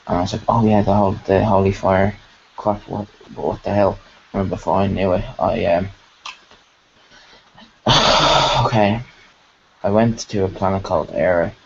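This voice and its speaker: A man on a video call excitedly recounting a meditation experience in a rambling, casual way, full of fillers. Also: deep voice, gravelly, lo-fi sound, a little hiss or hum. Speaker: participant sharing a meditation experience. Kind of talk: casual storytelling.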